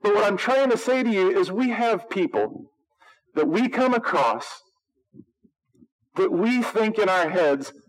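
A man's voice: sits high, animated, measured pace, long pauses, poor audio. A man preaching a sermon as pastor, in a conversational, wry and sarcastic way, acting out quoted voices.

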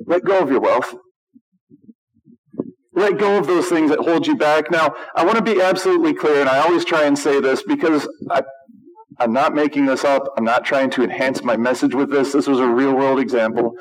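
A male pastor giving an animated, emphatic sermon, with humor and acted-out quotes. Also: medium pitch, fairly quick, poor audio.

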